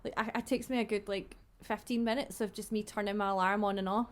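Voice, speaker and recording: A woman's voice: medium pitch, fairly even intonation, quick pace. Chatty Scottish woman, giggly. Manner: rambling, laughs often. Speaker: podcast co-host. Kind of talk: casual chat.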